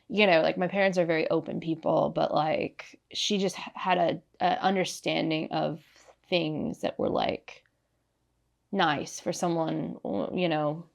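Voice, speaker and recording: A woman's voice: sits low, gravelly. A young woman from Ohio who grew up in Southern California, chatting as a podcast guest, often laughing and acting out quotes. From Ohio, raised in Southern California. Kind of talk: casual interview chat.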